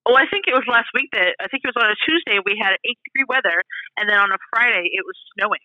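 Fast-talking podcast cohost lady, high voice, kinda dull lo-fi mic. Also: no room sound. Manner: quick, chatty. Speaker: podcast co-host. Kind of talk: casual podcast chat.

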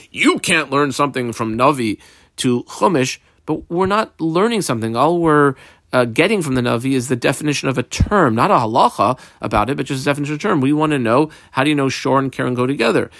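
A man's voice: mid-range voice, gravelly, a bit bright, no room sound, studio quality. A man teaching a Talmud page step by step, reading Hebrew and Aramaic phrases aloud in Ashkenazi pronunciation and translating each as he goes. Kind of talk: daf yomi Talmud lesson.

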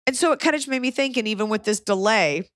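A woman's voice: a little high, fast, no echo, clean studio sound. A woman comedian hosting a podcast, telling stories in casual chat and acting out other people's lines. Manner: animated storytelling, acting out quotes.

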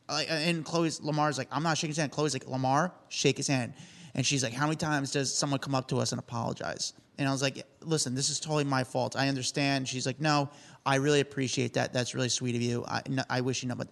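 A man co-hosting a casual celebrity news podcast, telling stories in a quick, self-deprecating way. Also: medium pitch, vocal fry. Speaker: co-host.

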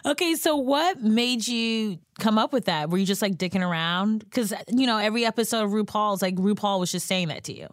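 A woman's voice: mid-range voice, animated, brisk, hardly any pauses, dry recording, clean studio sound. A woman hosting a podcast, chatting casually and bubbly with a guest, laughing often. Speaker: podcast host. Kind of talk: casual interview chat.

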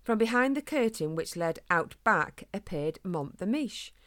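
A woman reading a children's storybook in a gentle, expressive way. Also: medium pitch, unhurried.

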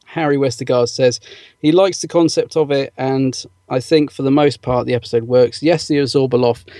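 A man's voice: mid-range voice, steady tone, moderate pace, warm tone, no room sound. Chatty man, dry close mic. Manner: chatty, filler-heavy, laughs easily. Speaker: podcast co-host. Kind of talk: casual chat, reading out listener comments.

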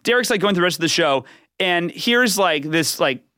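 A man tells a rambling comic story as a podcast guest, and his pitch leaps high whenever he acts out a quote. His voice is bright and a little high for a man, recorded dry and close. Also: expressive, a little fast, clean tone, no echo. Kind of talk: animated comedic storytelling.

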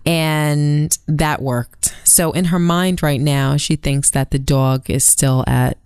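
Woman in her forties, low pitch, dry studio mic; earnest, conversational storyteller. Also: steady tone, slow, a little mellow, clear, resonant tone, no echo. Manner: earnest storytelling, mimics family members in quotes. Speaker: podcast co-host. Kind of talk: casual conversation.

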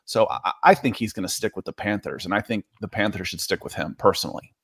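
A man co-hosting a casual sports talk show, giving animated opinions with frequent restarts. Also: lowish voice, quick pace, vocal fry, husky, no room sound, studio quality. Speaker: sports talk co-host and writer.

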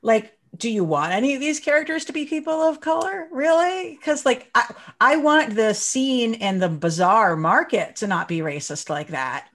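A woman's voice: on the high side, lively intonation, normal speed, few pauses, fairly bright tone. A woman giving earnest, blunt opinions in a casual film discussion.

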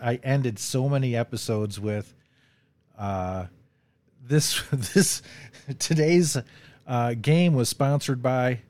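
Man, podcast host, casual chat, rambling, laughs a lot. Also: medium pitch. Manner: rambling, laughs often, quotes lines. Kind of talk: casual movie discussion.

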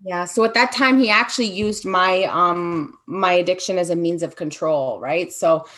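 A woman speaking candidly in an interview, talking haltingly with frequent fillers. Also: on the low side, fairly bright tone. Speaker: guest sharing her story. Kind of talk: personal testimony interview.

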